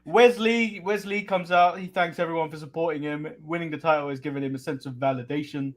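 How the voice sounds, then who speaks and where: A man's voice: a little high, fairly even intonation, brisk. Man recapping with lots of ums. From England. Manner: recaps events in order, swearing, with many ums. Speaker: co-host. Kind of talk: casual wrestling recap chat.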